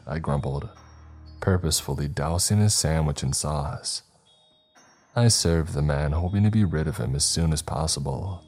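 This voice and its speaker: A man steadily narrating a first-person horror story in a measured, scripted style. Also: a bass voice, darkish tone, husky, soft background music.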